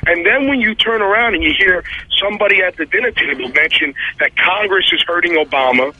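A man calling into a radio show while pacing at a gas station, talking in heated, rambling bursts full of halting restarts. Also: high voice, pushed and bright, breathy edge, highs cut off. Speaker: radio segment contributor. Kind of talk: casual talk-radio commentary.

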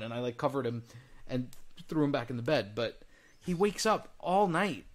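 Animated higher-voiced dad telling stories. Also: male voice, normal speed. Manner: animated storyteller, mimics his kids. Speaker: podcast co-host. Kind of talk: casual chat.

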